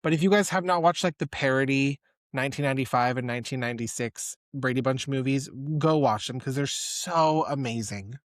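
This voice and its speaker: A man co-hosting a podcast, chatting in an excitable, rambling way full of "like". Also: mid-range voice, fairly quick, dry recording, clean studio sound. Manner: excitable, rambling, heavy use of "like". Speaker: podcast co-host. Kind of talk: casual chat.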